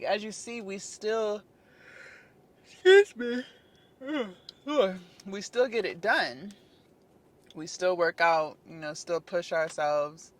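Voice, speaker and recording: A young woman chatting casually to her camera at the gym. She thinks out loud as she goes and fills her sentences with likes and ums. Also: fairly low pitch. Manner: rambling, many fillers, musing out loud. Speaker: fitness vlogger. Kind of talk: casual vlog chat to camera.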